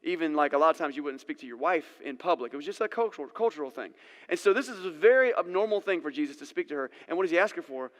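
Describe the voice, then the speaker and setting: Laid-back man preaching to a congregation; fairly high voice, loose storytelling, reverberant church hall. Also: expressive, fast talker, fairly bright tone. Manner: casual, conversational, acts out scenes. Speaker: pastor. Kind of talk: sermon. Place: church sanctuary.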